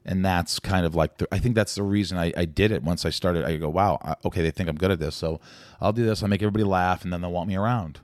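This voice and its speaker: A man chatting as a podcast guest, telling animated stories. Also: low voice, fast, no room sound, clean studio sound. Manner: animated storyteller who slips into celebrity impressions. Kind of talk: casual chat with impressions.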